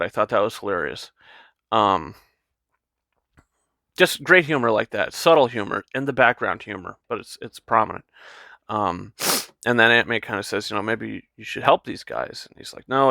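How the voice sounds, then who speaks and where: A man talking through a movie he loved, full of ums, restarts and eager asides. His voice is bright and forward, sitting at an average pitch. The sound is dry and close, with no room around it. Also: no room sound. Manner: enthusiastic, rambling with fillers and restarts. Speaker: movie reviewer. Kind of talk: casual spoken film review.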